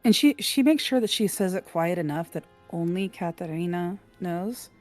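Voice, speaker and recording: A woman's voice: on the low side, lively intonation, moderate pace, faint music behind. A woman playing a tabletop role-playing game, chatting and describing her character's actions in the third person. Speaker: player.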